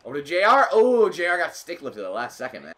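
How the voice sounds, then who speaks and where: A young man commentating his own hockey video game match, getting excitable and frustrated at the game. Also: fairly high pitch, quick pace. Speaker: gaming YouTuber. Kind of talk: live gameplay commentary.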